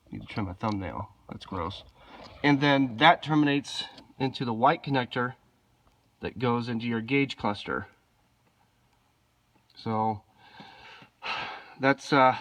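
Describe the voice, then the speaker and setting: A man with a cold, sounding rough and nasal, filming himself with a handheld camera while casually explaining a car repair, hesitant and apologetic. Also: mid-range voice. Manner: relaxed, hesitant, apologetic asides. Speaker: DIY car mechanic. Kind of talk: casual how-to walkthrough.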